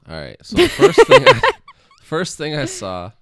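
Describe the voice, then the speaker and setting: A man's voice: a little high, wildly swooping pitch, unhurried, fairly bright tone, dry recording, studio quality. A young man hosting a casual podcast chat, telling stories and laughing at himself often. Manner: laughs often, self-deprecating, storytelling. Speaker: podcast host. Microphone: close podcast mic, breath audible.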